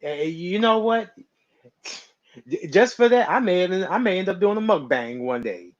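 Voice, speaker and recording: A man's voice: high voice, animated, moderate pace. A man chatting casually on a stream, rambling and laughing often. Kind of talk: casual live-stream chat. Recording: slightly dull lo-fi mic.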